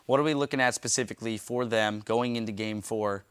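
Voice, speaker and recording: Smooth low-voiced male desk host. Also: fairly quick, fairly bright tone. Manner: smooth, brief, steering questions. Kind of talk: studio hosting.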